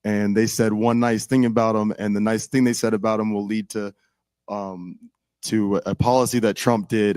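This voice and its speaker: A man's voice: lowish voice, steady tone, fairly quick, darkish tone, clear, resonant tone, no room sound. A young man in casual political chat, rambling with many "like"s and restarts.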